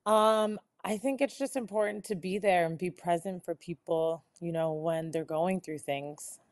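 Calm lower-voiced woman guest. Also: unhurried, no echo. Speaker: podcast guest. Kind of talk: casual chat.

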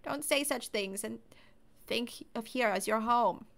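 A woman's voice: a little high, unhurried, vocal fry, a bit bright. A woman putting on a frail old granny voice. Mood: soft sad. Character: kind frail old granny, gentle and doting. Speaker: game voice reader.

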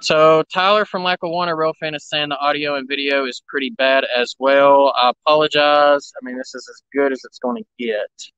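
A man's voice: fairly high pitch, fairly even intonation, moderate pace, few pauses, fairly bright tone, clear, resonant tone, no room sound, lo-fi sound. A man live streaming from a cell phone beside railroad tracks, chatting casually and greeting viewers by name. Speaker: railfan livestreamer. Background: background noise, running engines.

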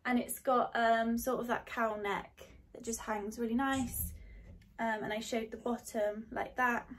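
A young woman describing dresses in a relaxed, hesitant way with many ums. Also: fairly high pitch, measured pace, slight background noise. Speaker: fashion vlogger. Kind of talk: casual haul chat.

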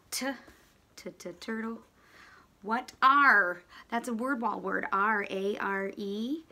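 A woman with a bright, clear voice teaches young children from her home. She sounds out each letter slowly and patiently as she writes, and addresses the children directly as a primary teacher. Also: medium pitch. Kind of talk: children's writing lesson.

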